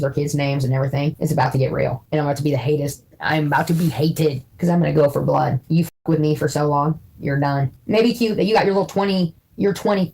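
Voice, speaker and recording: A middle-aged woman ranting to her viewers in a profane, boastful and threatening way. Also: sits low. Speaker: drama livestreamer. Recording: faint background noise.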